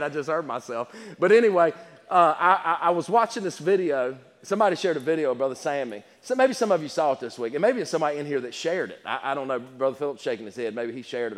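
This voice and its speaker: A man preaching a sermon, swinging between loud emphatic declarations and quiet, joking asides to the congregation. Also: high-pitched. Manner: rising to loud emphatic preaching, then dropping to chatty asides. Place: church sanctuary. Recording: reverberant church hall.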